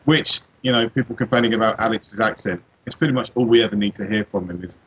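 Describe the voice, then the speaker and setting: A man, a betting tipster, relaxed and quick to laugh in a casual panel chat. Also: lowish voice, lo-fi sound, a little hiss or hum.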